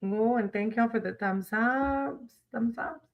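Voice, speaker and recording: A woman's voice: a little high, takes it slowly, lo-fi sound, soft background music. A woman chatting casually with viewers on a livestream, greeting them by name and reading tarot cards.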